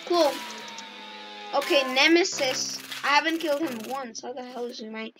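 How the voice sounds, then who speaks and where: A woman giving casual, excitable gameplay commentary and shouting at the game. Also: high-pitched, moderate pace, music in the background, low-quality recording. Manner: excitable, yelps and shouts at the game, self-mocking. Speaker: gaming YouTuber.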